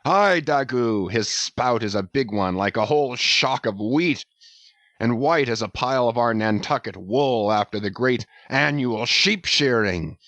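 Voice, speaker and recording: A man's voice: mid-range voice, lively intonation, measured pace, a bit bright, no echo. A man reading the part of an obsessed old whaling captain, delivered as thundering, ranting declamation. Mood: fierce. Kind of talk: audiobook character reading.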